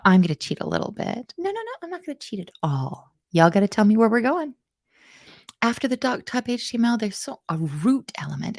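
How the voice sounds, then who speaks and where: A woman's voice: a little high, vocal fry, a little mellow, dry recording, clean studio sound. Chatty woman teaching livestream. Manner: chatty, self-mocking, reads chat aloud. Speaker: coding instructor hosting a livestream. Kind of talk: casual live coding lesson.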